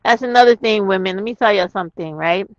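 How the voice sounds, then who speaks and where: Talking fast in a medium-pitched voice, this woman hosts a live chat from her car, blunt, emphatic, and heavy on profanity. The sound is dry and dull.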